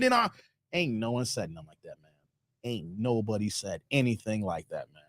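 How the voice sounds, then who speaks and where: A man's voice: on the high side, very animated, brisk, dry recording, clean studio sound. A man hosting a live stream, casually reacting to a clip and reading out viewer donations with a playful, joking manner. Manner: playful, laughs often, talks to chat.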